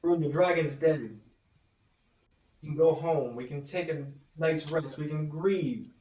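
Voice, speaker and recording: A man playing a rogue adventurer in a tabletop game, urgent and swearing, his voice a little higher than most. He sounds distant from the mic in an echoey room. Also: a little slow, warm tone, natural voice. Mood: pleading. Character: rogue adventurer pleading with friend.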